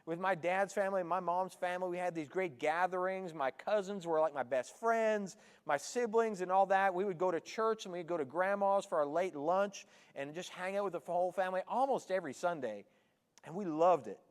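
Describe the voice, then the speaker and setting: A man's voice: sits high, brisk, smooth, long reverb tail. A man from Canada in his forties preaching a sermon in a church, chatty and joking with the congregation. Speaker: pastor. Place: church sanctuary.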